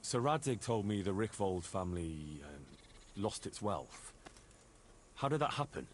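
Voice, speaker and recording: An earnest young squire, asks questions in a polite, curious way. His voice is fairly low, but his pitch moves about a lot. Faint hiss sits behind this video game dialogue. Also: lively intonation, measured pace. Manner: polite and inquisitive.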